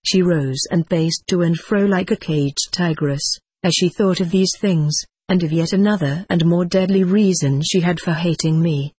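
An audiobook narrator reading a first-person historical tale in a measured, even way. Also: medium pitch, husky, dry recording. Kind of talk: scripted narration.

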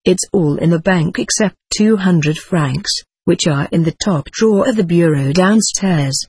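Brief: a woman doing a feeble, pleading old man in an audiobook, husky and lowish. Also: a little slow, a little mellow, no room sound. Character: old man, terrified torture victim.

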